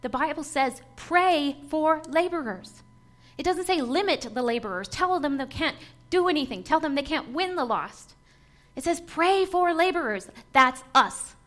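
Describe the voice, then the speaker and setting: A woman's voice: high-pitched, lively intonation, moderate pace, a bit bright. A woman preaching a sermon to a congregation, emphatic and rhythmic, building points through lists and repetition.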